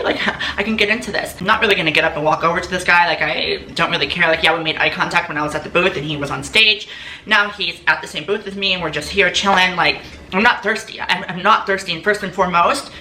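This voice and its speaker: Chatty young woman, bright echoey room. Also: fairly low pitch. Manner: chatty, filler-heavy, acts out quoted lines. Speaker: vlogger. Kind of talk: casual storytime monologue. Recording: echoey room, faint background noise.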